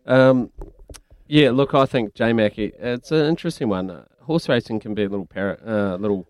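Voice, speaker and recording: A man's voice: medium pitch, normal speed, clear, resonant tone, dry recording. A man hosting breakfast radio from a studio, chatty and laughing often. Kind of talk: casual radio banter.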